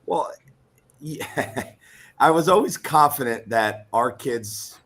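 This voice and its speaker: A man, a high school football coach, giving measured, plain-spoken interview answers. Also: expressive, fairly bright tone.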